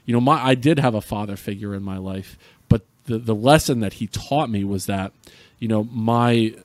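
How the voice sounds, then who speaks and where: Middle-aged guy from jersey, kinda low voice, earnest storytelling, dry close mic. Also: normal speed, a little mellow, dry recording. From Central New Jersey. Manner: earnest, emotional retelling with many restarts. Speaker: podcast guest. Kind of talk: personal storytelling in conversation.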